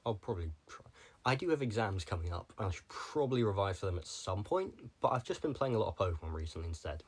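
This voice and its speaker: A man's voice: on the low side, very animated, quick pace, slightly rough. A young man talking casually to the camera, rambling from one tangent to the next with lots of filler words. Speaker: vlogger.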